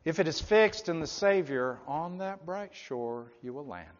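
A man preaching a revival sermon, swinging from loud, pleading appeals to hushed, low endings. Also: animated, a little slow, few pauses, a little hiss or hum. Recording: dull, echoey hall.

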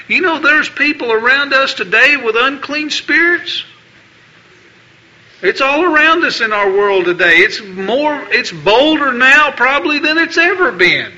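High, bright preacher man. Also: expressive, unhurried. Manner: emphatic, repeats phrases, reads scripture aloud. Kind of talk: sermon. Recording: dull lo-fi recording.

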